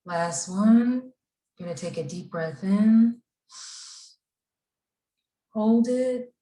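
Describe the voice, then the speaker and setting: A woman leading a gentle guided breathing and mindfulness exercise for a group of children at a camp. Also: mid-range voice. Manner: slow, gentle, soothing guidance. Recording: echoey room, voice from far off.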